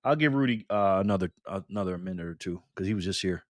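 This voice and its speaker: A man's voice: deep voice, lively intonation, fast, dry recording, clean studio sound. A man hosting a casual live stream, cheerfully greeting viewers by name and chatting as he spins a prize wheel.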